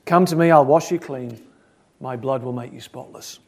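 Man speaking as Christ, soft, gentle, quiet, inviting. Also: medium pitch, normal speed, gravelly. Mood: tender.

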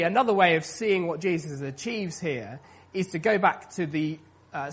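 A man's voice: fairly high pitch, slightly rough. A man preaching a sermon in an earnest, conversational way, with many fillers. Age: adult, past his teens.

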